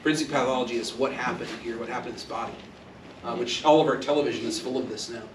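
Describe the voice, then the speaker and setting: A man's voice: medium pitch, fairly even intonation, racing, noisy background. A man from Texas giving a conversational university lecture, joking and acting out quoted voices. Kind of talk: classroom lecture. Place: university classroom. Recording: echoey classroom, speaker far from mic.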